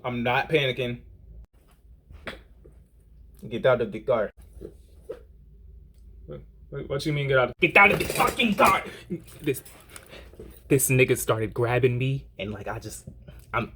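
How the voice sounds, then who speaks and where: A young man telling a story in a casual, animated way, rambling with lots of fillers. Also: mid-range voice. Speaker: vlogger.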